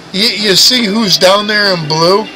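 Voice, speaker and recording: Crude, ranting man with a lively voice. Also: high voice, rough recording. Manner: mocking, crude, swears constantly, stammering restarts. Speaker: livestream host. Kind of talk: profane ranting livestream chat. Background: music playing.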